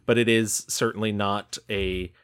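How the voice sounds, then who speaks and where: A man's voice: lowish voice, fairly even intonation, measured pace, a bit bright, clear, resonant tone. A man co-hosting a film podcast, chatting casually, laughing often and swearing now and then. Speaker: podcast co-host.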